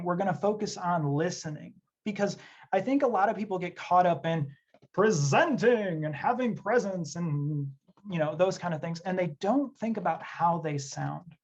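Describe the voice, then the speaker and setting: A man from Tennessee who works as an instructional designer, leading an online workshop in an earnest, conversational way with many fillers. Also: high voice. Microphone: computer mic on a video session. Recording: dull lo-fi audio.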